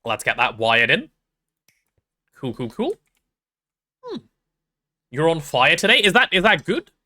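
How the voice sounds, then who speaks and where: His pitch, a little high, swoops wildly, though he keeps a measured pace and a bright, forceful tone. The young man chats casually during a game stream, playful and rambling, sharing stories that make fun of himself.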